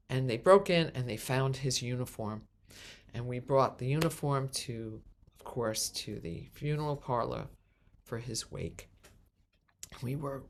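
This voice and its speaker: Female minister, storytelling in a sermon, lively, acts out the other voices. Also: very deep voice. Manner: animated storyteller acting out voices, with restarts. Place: congregation meeting hall.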